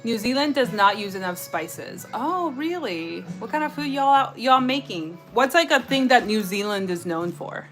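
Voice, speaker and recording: A fairly high-pitched woman from San Diego chats casually while cooking in her home kitchen. She talks in loose slang and reads viewer comments aloud. Music plays steadily under her voice. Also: expressive, normal speed, few pauses, fairly bright tone, rough recording. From San Diego, California, USA. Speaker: livestream co-host cooking and chatting. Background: background music.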